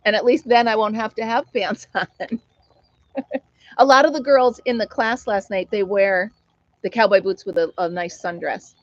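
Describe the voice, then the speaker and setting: A woman's voice: mid-range voice, normal speed, no echo, dull audio. A middle-aged American woman hosting a casual live stream chat, telling a funny story and laughing often as she reads viewer comments.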